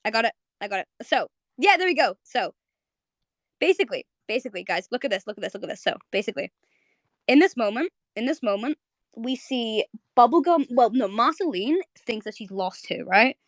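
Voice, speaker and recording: A young woman hosting a live audio chat on a home mic, rambling in quick bursts with lots of fillers and repeats. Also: on the high side, lively intonation, no room sound, clean studio sound. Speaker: host of a live audio space. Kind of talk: casual live chat to listeners.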